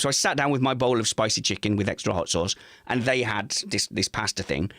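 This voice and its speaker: A man co-hosting a casual chat stream from home, animated and self-mocking, laughing often. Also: on the low side, brisk, dry recording, clean studio sound. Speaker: co-host of a livestream chat show.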